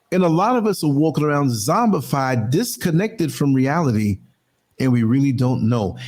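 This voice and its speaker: A man hosting his own podcast, talking through a casual, emphatic monologue. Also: darkish tone. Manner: emphatic, conversational, swings pitch widely for stress. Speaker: podcast host.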